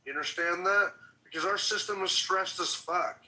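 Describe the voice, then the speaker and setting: A man hosts a casual political livestream, talking bluntly and swearing freely. His voice is somewhat high and very bright and forceful. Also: steady tone, moderate pace, poor audio. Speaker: livestream host.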